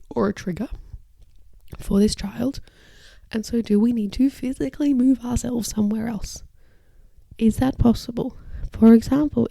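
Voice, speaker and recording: A woman occupational therapist hosting an educational podcast, speaking in a calm, measured way into a microphone, her phrases often trailing off into breathy whispers. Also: a little high, no echo.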